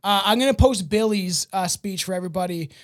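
A man's voice: high-pitched, brisk. A man in his thirties co-hosting a podcast in casual chat, rambling and swearing with lots of fillers. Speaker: podcast co-host.

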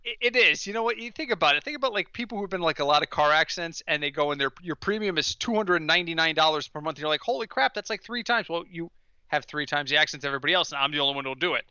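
A man co-hosting a casual sports podcast, telling stories in an animated way and ranting toward comic punchlines. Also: fairly high pitch, rapid-fire, clear, resonant tone, no room sound, dull audio. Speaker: podcast co-host.

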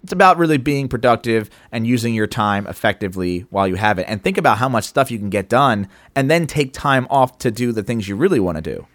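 A man chatting casually on a podcast, loose and unpolished, with the odd swear and acted-out anecdote. His voice sits at an ordinary pitch and sounds close and dry, with no room around it. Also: expressive, quick pace, few pauses, no room sound. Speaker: podcast co-host.

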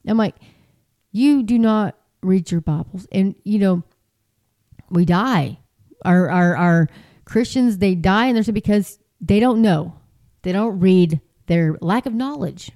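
A woman's voice: medium pitch, slow, mellow. A woman talking in a casual, rambling way, full of fillers and restarts, sounding exasperated and incredulous. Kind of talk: casual commentary.

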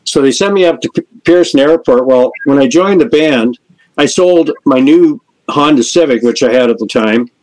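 Older man telling lively road stories. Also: medium pitch, normal speed, rough recording. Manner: lively storyteller who acts out the people in his stories. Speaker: guest musician, lead singer. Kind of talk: anecdotal storytelling in a podcast interview.

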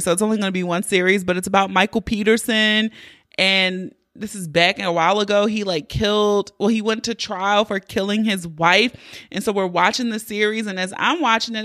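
Speaking at a normal speed in a mid-range, slightly bright voice, a woman opens her solo podcast casually and candidly, cursing plenty as she chats. The studio-quality recording has no echo.

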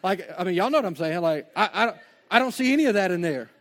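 A man's voice: high voice, lively intonation, quick pace, fairly bright tone. A man preaching a sermon as pastor, conversational, with joking asides and acted-out dialogue.

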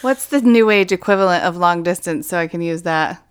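A woman's voice: on the low side, fairly quick, clear, resonant tone. A woman co-hosting a casual podcast, wry and laughing often as she swears in passing. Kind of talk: casual chat.

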